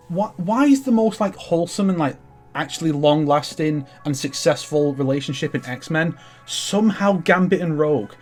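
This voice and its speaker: Excitable young man rambling about comics. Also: on the high side, moderate pace, soft background music. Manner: enthusiastic, profane, rambling with many restarts. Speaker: comics vlogger. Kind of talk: casual rambling collection show-and-tell.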